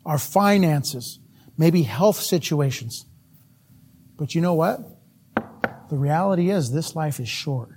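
A man's voice: on the high side, expressive, slow, long pauses, a little mellow, a little hiss or hum. A middle-aged man preaching a sermon, telling folksy stories about himself and laughing at his own mishaps. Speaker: missionary preacher.

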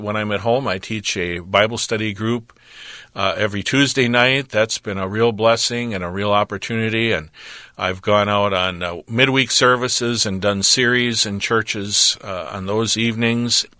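A man with a bright, forceful, somewhat low voice talks about his teaching work in an earnest, measured way. He has a preacher's cadence and frequent thinking pauses. The sound is dry and close. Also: no room sound. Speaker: ministry representative, Bible teacher. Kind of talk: radio interview about his ministry.

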